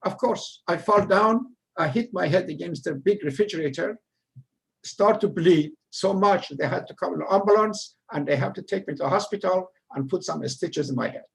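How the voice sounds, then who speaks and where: A man's voice: sits high, normal speed, vocal fry, slightly rough. An older man from Iran, telling his immigrant story in a rambling, humorous way. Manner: rambling, humorous, laughs at himself. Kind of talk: casual storytelling talk.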